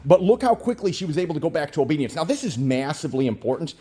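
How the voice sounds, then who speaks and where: A man in his fifties, a dog trainer, narrating a training session while holding a phone. He gushes with praise, slips into baby talk with the dog and gives crisp, short commands. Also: a little high, sing-song, very fast, dark tone. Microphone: phone held in hand.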